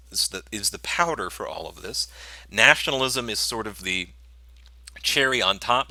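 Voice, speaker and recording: A man's voice: medium pitch, bright, forceful tone, no room sound. A man giving a history lecture. He talks in a loose, conversational way, tells events as a story, acts out nations as speakers and corrects himself as he goes. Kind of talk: recorded classroom lecture.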